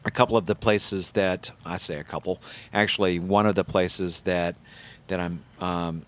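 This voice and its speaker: A man's voice: low-pitched, steady tone, moderate pace, fairly bright tone. A man hosting a podcast interview, casual and hesitant, searching for his words. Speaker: podcast host.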